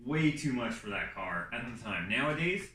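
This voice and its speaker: A man co-hosting a casual talk show, telling his side of a story in a relaxed, chatty way and adding background detail. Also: mid-range voice, normal speed, roomy sound, recorded from a distance, rough recording. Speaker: co-host.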